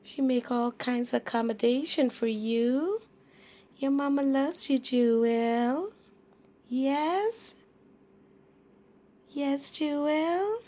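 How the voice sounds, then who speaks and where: A woman filming her kitten and talking to it in sing-song baby talk, asking it many gentle questions. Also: high-pitched, slow pace, pauses often. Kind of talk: cooing pet talk.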